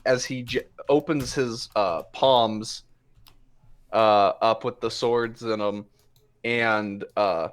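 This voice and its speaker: A man narrating a tabletop game as game master, telling the scene in a loose, hesitant way with many fillers. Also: medium pitch.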